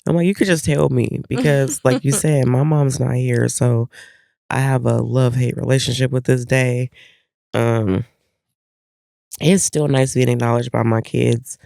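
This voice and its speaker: Gravelly-voiced woman co-hosting a chat. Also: a bass voice, measured pace, dry recording, studio quality. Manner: animated storytelling, acting out family members' lines. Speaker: co-host. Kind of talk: casual chat.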